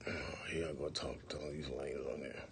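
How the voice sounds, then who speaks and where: Rumbling low and a little fast, his fairly even voice comes with slight background noise. He hosts a phone livestream and casually tells his viewers stories, laid-back and profane, with frequent "for real" and "you know what I'm saying."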